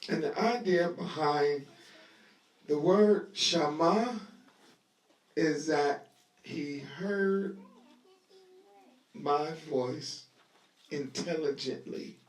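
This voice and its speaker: High-voiced male preacher, echoey room. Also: drawn-out words, pauses often. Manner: conversational, acts out scenes with voices; leads the audience in call-and-response. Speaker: Bible teacher. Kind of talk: lively sermon-style Bible lesson. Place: room at a live gathering. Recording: echoey live room audio, voice distant.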